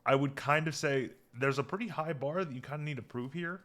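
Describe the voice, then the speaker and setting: A man co-hosting a podcast in casual chat, rambling with lots of restarts and getting animated when something amuses him. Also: a little high, brisk. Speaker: podcast co-host.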